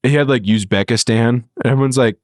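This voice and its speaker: A man's voice: mid-range voice, quick pace, dry recording, studio quality. A young man co-hosting a podcast in casual chat, laughing often and slipping into mocking impressions. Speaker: podcast co-host.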